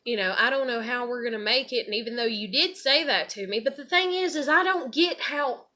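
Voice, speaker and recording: A woman's voice: on the high side, fairly quick, sharp tone. A woman telling a rambling, profane personal story in a heated rant. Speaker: vlogger.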